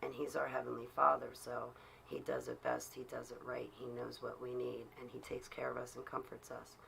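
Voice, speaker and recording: A woman's voice: rumbling low, flat delivery, normal speed, gravelly, fairly bright tone, slight background noise. A woman talking on her own livestream, preaching in an earnest, rambling way with many fillers. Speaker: livestreaming vlogger.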